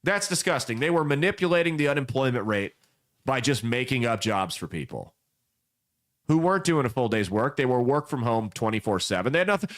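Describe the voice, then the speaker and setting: A man's voice: medium pitch, very animated, brisk. A young adult man hosting casual political commentary, telling folksy parables with blunt emphasis. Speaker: podcast host.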